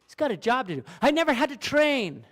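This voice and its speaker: A man pastor preaching a sermon, telling a story and then building to loud, emphatic questions. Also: extremely high pitch, big pitch swings, fairly quick.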